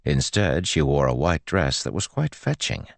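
A man narrating a novel as an audiobook, in a measured, even storytelling manner. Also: rumbling low, vocal fry, dry recording.

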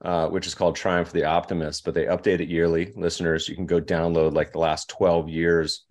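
A man's voice: low-pitched, little pitch movement, brisk. A man guesting on a podcast, chatting loosely with lots of fillers and restarts. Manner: rambling, with many fillers and restarts. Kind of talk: casual podcast conversation.

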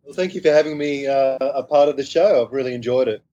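A man's voice: mid-range voice, fast, warm tone, dull audio. An Australian man as a podcast guest, answering thoughtfully and modestly with some hesitant restarts. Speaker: guest author. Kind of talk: podcast interview.

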